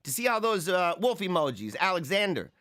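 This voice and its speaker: A man's voice: sits high, sing-song, fairly quick, pushed and bright. A man hosting a livestream show, chatting casually, rambling, mocking and laughing often as he reads viewer comments. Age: adult, married with young children.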